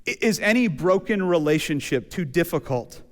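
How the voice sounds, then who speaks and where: A man preaching a sermon in a relaxed, conversational way, telling stories and acting out quotes. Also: a little high, moderate pace. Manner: conversational, animated storytelling with acted quotes. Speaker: pastor. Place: church sanctuary. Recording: church hall reverb.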